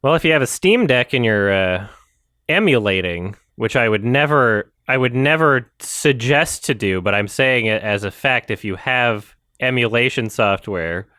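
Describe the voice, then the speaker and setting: A man's voice: medium pitch, animated, normal speed, bright, forceful tone, no echo, clean studio sound. A man hosting a podcast in casual chat, rambling and swearing, often correcting himself mid-sentence. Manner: rambling, profane, self-correcting. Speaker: podcast host.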